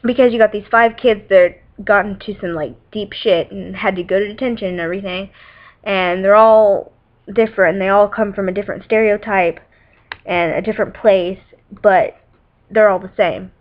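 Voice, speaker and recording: In a casual movie vlog, a teenage girl wanders through talk of her favorite films at normal speed, her intonation fairly even and her pitch in the middle range for a young woman. She's chatty and giggly, dotted with "like" and "um," and her webcam recording is dull and lo-fi.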